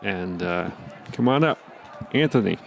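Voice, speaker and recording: A man's voice: sits low, expressive, measured pace. A man hosting a comedy show, hesitant and full of fillers as he introduces the next act. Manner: hesitant, filler-heavy, gravelly. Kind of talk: casual stage banter. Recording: faint outdoor street noise.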